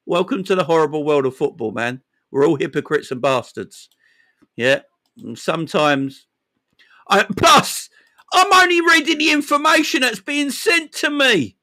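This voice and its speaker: Chatting casually with viewers on his football live stream, this young East End Londoner repeats phrases and tacks "man" and "yeah" onto his lines. His voice sits high and has a sharp tone.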